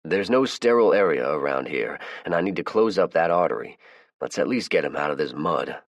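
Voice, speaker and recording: A man voicing a calm, fatherly male army medic who speaks steadily and reassuringly, in an audiobook. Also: rumbling low, a little fast, no echo, heavily acted.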